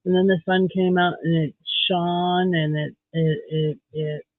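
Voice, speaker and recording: A man from Canada with a slightly high voice, chatting casually and bluntly as he hosts a beading stream. His talk is slow and unhurried. The sound is dry and narrow, like a phone line. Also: little pitch movement, no echo. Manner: blunt, candid opinions. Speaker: livestream host. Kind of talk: casual livestream chat while beading.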